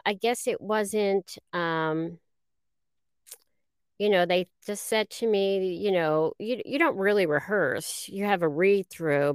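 A middle-aged woman speaking as a guest voice actress in a casual interview, halting and self-deprecating with many fillers. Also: mid-range voice, clean tone, dry recording, clean studio sound.

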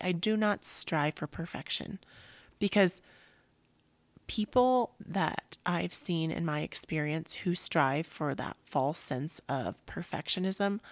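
A woman in her thirties speaks in a lowish voice. It is recorded close and dry. She talks through a reflective self-help monologue, leaning on "like," addressing listeners as sisters, and often sinking to a soft whisper. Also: no room sound. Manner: heavy "like" fillers, calls listeners sisters. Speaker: podcast host.

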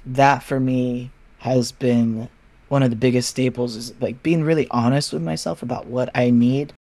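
A man speaking as a podcast guest in candid casual chat, frank and animated, swearing and acting out other people's lines. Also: mid-range voice, moderate pace, no room sound.

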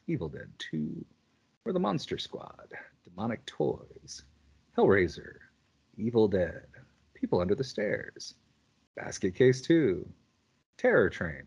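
A man's voice: lowish voice, big pitch swings, slow, long pauses, darkish tone, slightly rough. A man co-hosting a podcast in casual chat, laughing often and retelling scenes with animation. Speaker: podcast co-host.

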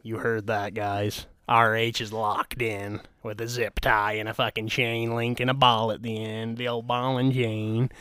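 A man's voice: fairly low pitch, flat delivery, measured pace, few pauses, bright, forceful tone, clean tone, no room sound, studio quality. A man hosting a casual podcast, ranting in a crude, mock-angry, teasing way. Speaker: podcast host. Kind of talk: crude comedic rant.

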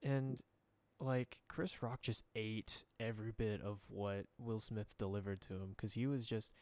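Smooth-voiced young man, laughing chat. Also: on the low side, steady tone, unhurried, a little mellow, dry recording. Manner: rambling, laughs often, trails off mid-sentence. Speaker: podcast co-host. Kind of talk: casual chat.

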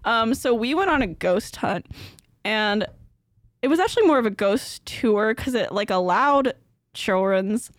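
A woman's voice: on the high side, lively intonation, measured pace, no room sound, clean studio sound. A young woman co-hosting a podcast, telling a ghost story in a rambling, casual way with lots of fillers and laughter. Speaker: podcast co-host.

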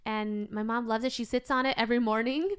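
A woman's voice: on the high side, fairly even intonation, brisk, clean tone. A woman co-hosting a podcast, telling stories in an upbeat, casual chat. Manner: chatty storyteller, upbeat. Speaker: podcast co-host.

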